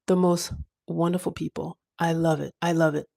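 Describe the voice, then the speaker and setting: A woman chatting casually on a livestream, animated, with quick asides. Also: fairly low pitch, vocal fry. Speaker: livestream host. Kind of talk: casual live chat.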